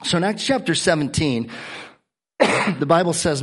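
Man preaching, coughing, earnest, stumbles and repeats words, fairly high voice. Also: expressive, measured pace, pauses often, fairly bright tone, breathy edge. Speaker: pastor. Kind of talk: sermon.

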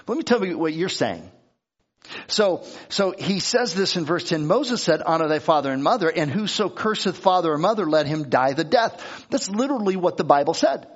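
A man's voice: high-pitched, animated, brisk, muffled recording. A male pastor preaching a sermon in a conversational way, often restarting and repeating words as he reads and explains scripture.

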